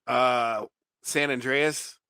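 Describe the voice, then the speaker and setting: A man's voice: mid-range voice, steady tone, drawn-out words, sharp tone, clean tone, dry recording, clean studio sound. A man co-hosting a podcast, chatting casually about movies, laughing often and swearing freely. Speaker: podcast co-host. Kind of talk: casual movie review chat.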